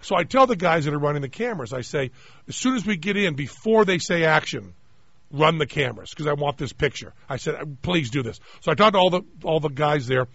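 A radio host tells a long, funny anecdote in casual conversation, acting out the lines of the people involved. His voice is a little high, brisk, and slightly rough with vocal fry. It's captured on a studio microphone with a dry, slightly dull studio sound and no room echo.

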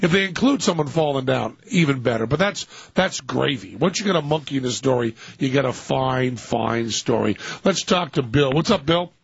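A man hosting a radio talk show, excitable and gleeful, often stammering and restarting. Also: medium pitch, normal speed, creaky, few pauses, breathy edge, no echo. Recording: dull lo-fi radio broadcast.

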